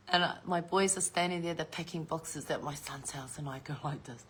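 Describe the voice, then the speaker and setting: A woman's voice: low-pitched, brisk, few pauses, slight background noise. Older New woman, casual vlog chat, salty and giggly storyteller. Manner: swears freely, laughs often, animated storytelling. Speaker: vlogger.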